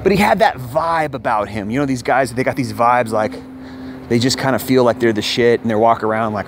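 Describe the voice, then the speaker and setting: A man's voice: mid-range voice, brisk, slight background noise. A man telling a personal story in casual, rambling vlog style, candid and profane, repeating himself as he goes. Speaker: vlogger.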